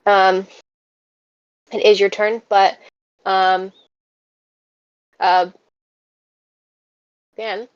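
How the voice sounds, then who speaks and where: A woman narrating a tabletop game as game master, relaxed and halting with many fillers. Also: mid-range voice, clear, resonant tone, no room sound, lo-fi sound.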